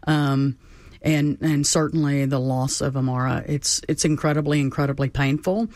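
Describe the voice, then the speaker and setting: A guest on a talk show speaking haltingly, repeating words and using many fillers. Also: medium pitch, fairly even intonation, darkish tone, dry recording, clean studio sound.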